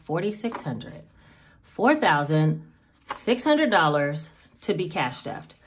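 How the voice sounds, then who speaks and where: A woman's voice: sing-song, slow. A woman, chatting casually to viewers while budgeting and counting cash aloud. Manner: chatty, talks straight to viewers; counts bills aloud in a low murmur. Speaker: budgeting vlogger.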